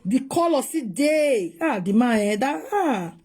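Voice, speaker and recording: A middle-aged woman from Nigeria, with a Nigerian Pidgin English accent, talks straight to her viewers. She is animated and moves between pleading and scolding. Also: high-pitched, a little slow, husky. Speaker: vlogger. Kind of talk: emotional casual monologue.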